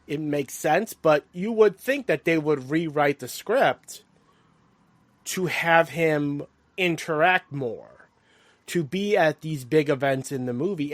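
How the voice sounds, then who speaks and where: A man co-hosting a film podcast, talking casually and acting out character lines in quick bursts. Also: fairly high pitch, a bit bright, dry recording. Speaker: podcast co-host.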